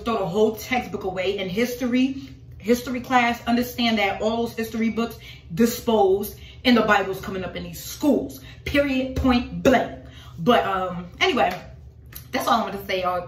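A woman's voice: mid-range voice, echoey room, a little hiss or hum. A woman talking casually and dramatically to her followers about her faith, calling them y'all. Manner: emphatic, dramatic, addresses viewers as y'all. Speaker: religious vlogger.

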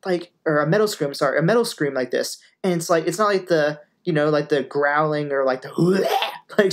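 Gushing music producer reacting to metal. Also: medium pitch. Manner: gushing, exclamatory, rambling. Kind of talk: casual reaction commentary.

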